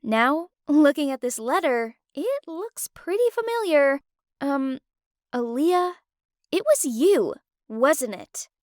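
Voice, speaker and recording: A woman's voice: high-pitched, big pitch swings, takes it slowly, dry recording, clean studio sound, heavily acted. A woman voicing a gossipy young model. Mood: accusing.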